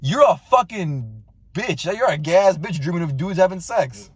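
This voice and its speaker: A man's voice: sits high, animated, moderate pace, slightly rough, dry recording. A man in his twenties co-hosting a casual podcast, exasperated and swearing a lot, often repeating himself. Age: 20s. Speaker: podcast co-host. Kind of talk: casual chat.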